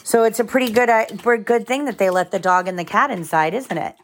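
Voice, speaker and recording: A mother reads a picture book aloud at home in a mid-pitched voice. She stops now and then to explain the story to her children in plain, simple words. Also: quick pace, slight background noise.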